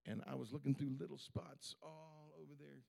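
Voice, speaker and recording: Gravelly fervent male pastor preaching. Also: fairly high pitch, steady tone, normal speed, dark tone. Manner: fervent, conversational preaching with repetition. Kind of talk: sermon. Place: church service.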